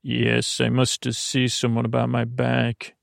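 A man doing a stiff formal centaur, slow drawn-out words, gravelly tone, dry sound, bedtime comedy. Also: medium pitch, monotone, no echo. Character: tall proper male centaur, stiff and dignified.

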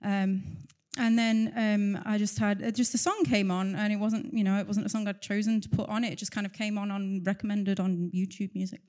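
A woman's voice: mid-range voice, level tone, normal speed, few pauses, a little mellow. A woman giving an earnest, chatty personal testimony at church, with light laughter. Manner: chatty, fills silences with talk. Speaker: church member sharing testimony.

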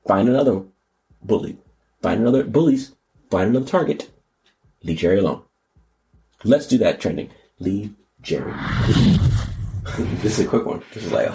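A man riffs through the news as a podcast host. His pitch swings widely and he keeps breaking into high mocking voices. The talk is loose and full of slang. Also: dark tone, a little hiss or hum. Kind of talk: casual comedic commentary.

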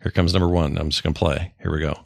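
A man's voice: very deep voice, fairly even intonation, racing, creaky, no room sound. A middle-aged man hosting a podcast with his daughter, chatting casually and rambling, often correcting himself mid-sentence. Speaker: podcast host, father. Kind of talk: casual chat.

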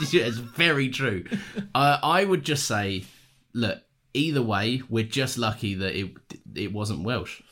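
Young british bloke on a pod, jokey and mock-dramatic, gets playfully defensive, lively pitch. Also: male voice, takes it slowly. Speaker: podcast co-host. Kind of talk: casual chat.

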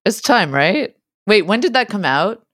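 Teasing woman trading quick quips. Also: medium pitch, very animated, fairly bright tone, no echo, studio quality. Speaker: podcast co-host. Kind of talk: casual joking chat.

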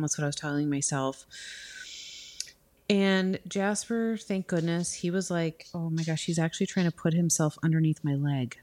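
Brief: woman in her 30s, casual podcast storyteller, lower voice, rambling. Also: normal speed, darkish tone. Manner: rambling, uses lots of "like". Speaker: podcast co-host. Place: home.

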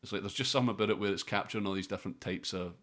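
A man's voice: low voice, rapid-fire, fairly bright tone. A man co-hosting a casual film podcast, rambling with many fillers. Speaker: podcast co-host. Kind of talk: casual chat about films.

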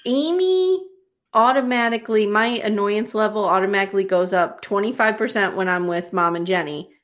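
A woman co-hosting a podcast, casually recapping a TV episode with jokey, animated storytelling. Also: medium pitch, fairly quick. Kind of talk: casual chat.

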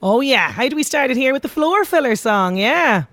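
A woman's voice: sits high, expressive, moderate pace, fairly bright tone. A woman with an Irish accent presenting a radio show, chatty and upbeat, reading out listener messages. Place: outside broadcast at a local venue.

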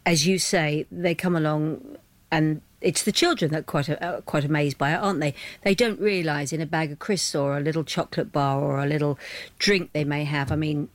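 A woman, a charity volunteer guest on a radio chat, telling stories in a lively, chatty way. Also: low voice, moderate pace, dry recording. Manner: lively anecdotal storytelling.

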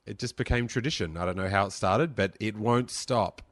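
A man's voice: fairly low pitch, moderate pace, few pauses, dry recording. A young man hosting a podcast, answering listener questions in a rambling, chatty, self-amused way. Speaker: podcast host. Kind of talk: casual listener Q&A chat.

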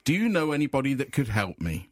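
A man hosting a comedy radio show, chatty and quick to laugh. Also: mid-range voice, big pitch swings, dry recording, clean studio sound. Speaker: radio host.

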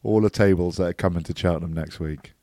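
Male co-host, very low voice, quick teasing interjections, dry mic. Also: warm tone, dry recording. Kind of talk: casual chat, reacting.

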